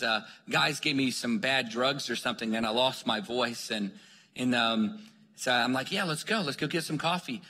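A man preaching a sermon, telling a story with lively acted-out dialogue. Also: mid-range voice, husky. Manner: animated storyteller acting out dialogue. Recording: long hall reverb.

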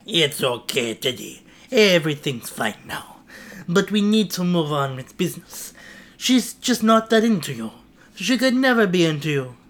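A man voicing a calm, condescending teenage male gang leader in an amateur read-aloud. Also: fairly high pitch, moderate pace. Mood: sneering.

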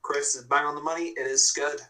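Man running a film quiz, slightly high, bright voice, breezy and chatty. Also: little pitch movement, quick pace, far from the mic. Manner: breezy, reads out questions and scores. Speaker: quiz host. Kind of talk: casual podcast chat.

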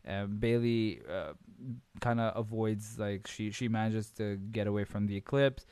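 A male podcast host giving a casual, rambling wrestling recap full of swearing, fillers and quick impressions. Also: fairly low pitch, darkish tone, clear, resonant tone, no echo.

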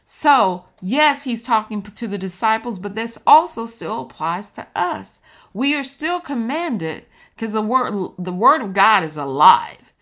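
A woman leads a Bible study for her viewers, her talk casual and earnest. Her voice sits at an everyday middle pitch. She speaks to them directly, as if across a table. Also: lively intonation, unhurried, fairly bright tone. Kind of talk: casual teaching monologue.

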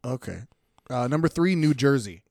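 A man's voice: medium pitch, animated, normal speed, creaky, a little mellow. A man in his twenties co-hosting a casual podcast, laughing often and joking crudely as he reads through a list. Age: 20s. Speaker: podcast co-host.

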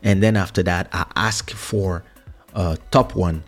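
A low, steady-toned man speaks a little slowly as he hosts a podcast, casually recounting a story from his music career. He's from France and reminisces with frequent repeats and restarts of words as the memories come back.

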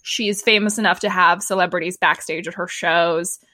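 A woman's voice: fairly low pitch, fairly even intonation, moderate pace, pushed and bright, dry recording. A woman co-hosting a casual podcast, recapping a TV episode in a chatty way, with lots of fillers and laughter. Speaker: podcast co-host.

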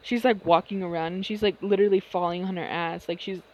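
A woman's voice: lowish voice, fairly even intonation, fast talker, highs cut off. A young woman chatting casually with friends, swearing often and laughing. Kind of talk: casual chat.

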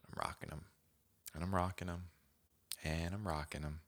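A young man hosting his own podcast, telling a casual story in a slangy, animated way, dropping to whispers and jumping to shouts as he acts it out. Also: deep voice, moderate pace. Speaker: podcast host.

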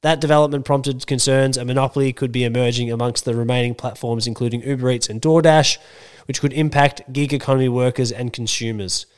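Blunt Australian man, smooth voice. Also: mid-range voice, fairly even intonation, a little fast. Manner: blunt, sweary, joking. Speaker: podcast co-host. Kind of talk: casual chat and news reading.

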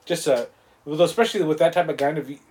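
A man co-hosting a podcast, chatting casually and excitedly about a movie, swearing often and acting out the scenes. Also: fairly high pitch, fast, husky. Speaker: podcast co-host.

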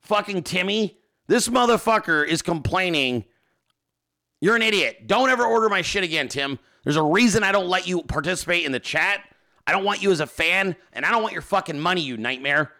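Male streamer host, bright animated delivery, profane rants, casual reading of viewer mail. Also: sits high, fairly quick. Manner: profane, ranting; reads viewer emails and chat aloud. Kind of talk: casual livestream chat.

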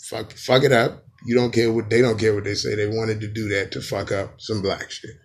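A man's voice: lowish voice, level tone, normal speed. A man doing a rambling, profane comedic rant as a podcast host.

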